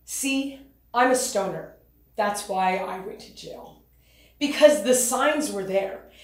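A woman's voice: on the high side, echoey room, close to an everyday voice. A young woman acting in a stage monologue, playing a laid-back stoner who rambles and swears. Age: young adult. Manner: rambling, loose and profane. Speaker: student actor.

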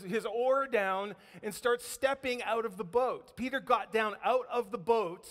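A man's voice: high-pitched, fairly bright tone. A man preaching a sermon as a pastor, telling a story vividly and acting out what people say. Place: church sanctuary. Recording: church hall reverb.

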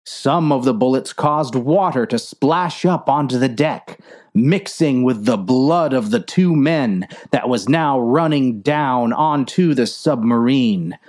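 A woman reading a clumsy war story aloud in a slow, mock-earnest narration. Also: extremely low pitch, darkish tone. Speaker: story reader.

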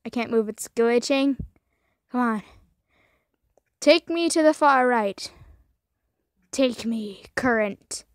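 A young woman with a high voice, narrating her gameplay in a slow drawl that keeps erupting into profane rants and yelps. The sound is dry and close, with no room around it. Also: no echo. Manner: profane, raging outbursts and shrieks. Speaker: gaming YouTuber. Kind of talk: gameplay commentary.

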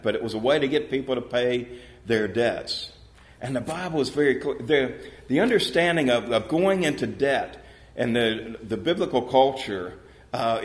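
Guy preaching in church, mid voice, chatty, asks the room questions, acts out the story bits. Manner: animated storytelling, voicing parable characters with pitch jumps; conversational, asks the congregation rhetorical questions. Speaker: pastor. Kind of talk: sermon. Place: church sanctuary.

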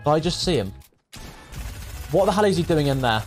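Excitable young gamer, lively voice. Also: male voice, fairly high pitch, brisk, pauses often, faint music behind. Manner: excitable, swings from muttering to shouting. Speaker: gaming streamer. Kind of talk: live gameplay commentary.

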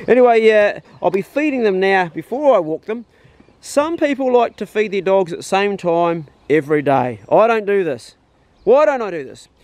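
A man training his dog outdoors on rural land, chatting and explaining as he goes, with high-pitched calls and praise for the dog. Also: a little mellow, rough recording. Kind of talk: casual outdoor training demo.

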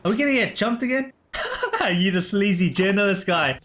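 A man casually commentating his gameplay, excitable, laughing often and saying "bro" all the time. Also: sits high, moderate pace. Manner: excitable, laughs a lot, says "bro" constantly. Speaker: gameplay streamer. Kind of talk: casual let's play commentary.

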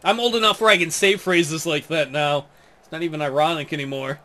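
A man's voice: on the high side, fairly even intonation, fairly quick, bright, forceful tone. A man giving casual, jokey commentary over a football video game, often laughing.

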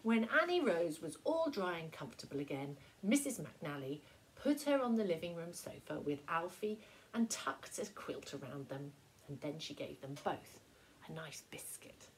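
A woman primary school teacher reading a picture book aloud to young children, with slow, expressive storytelling. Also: on the low side, slight background noise, poor audio.

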